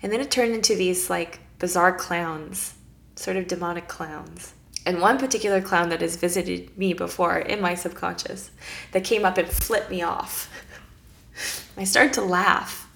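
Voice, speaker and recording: A woman's voice: on the low side, a little slow, creaky, a bit bright. A woman guest who leads spiritual circles, telling stories in an emotional, earnest way in a casual podcast talk.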